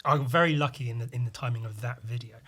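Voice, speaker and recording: A man's voice: medium pitch, fairly even intonation, fast talker, a bit bright, breathy edge. Young man rambling on his podcast. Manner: meandering, full of fillers and swearing. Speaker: podcast host. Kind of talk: rambling solo podcast monologue.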